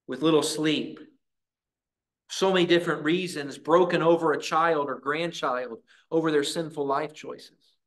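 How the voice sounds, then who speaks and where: A man preaching a sermon in a church, earnest, with dramatic pauses and voiced prayers. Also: on the high side, bright, forceful tone. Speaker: pastor.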